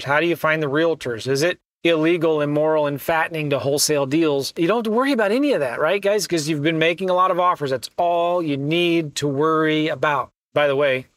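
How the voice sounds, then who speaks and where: A man's voice: a little high, fairly bright tone, dry recording. Emphatic man coaching on investing, dry sound. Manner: emphatic, repetitive, talks straight to the audience. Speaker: real estate investing coach. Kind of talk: motivational teaching talk.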